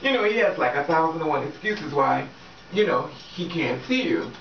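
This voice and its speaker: A woman's voice: deep voice, lively intonation, moderate pace. A woman talking casually and frankly to her viewers, swearing freely and often laughing. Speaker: vlogger giving relationship advice. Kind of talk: casual straight-talking vlog. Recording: echoey room, distant dull mic, faint background noise.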